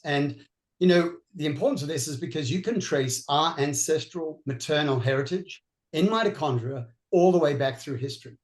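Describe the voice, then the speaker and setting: A man with an Australian accent speaks as a guest on a panel. His voice sits a little high, and he explains with earnest energy, sometimes in quick bursts. The sound is roomy and echoey. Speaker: veterinary neurologist guest. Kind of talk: panel discussion answer.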